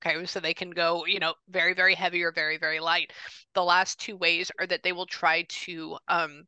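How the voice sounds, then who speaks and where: A woman working as a psychic medium, talking casually with a client over a video call, chatty, with quick restarts and repeated phrases. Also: lowish voice, level tone, pushed and bright, clear, resonant tone, no room sound. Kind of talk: casual reading session with a client.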